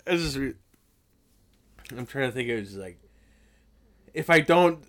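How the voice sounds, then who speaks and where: A man's voice: mid-range voice, expressive, measured pace, a crowd in the background. A man, podcast co-host telling a rambling story in casual chat, stammering and swearing a lot.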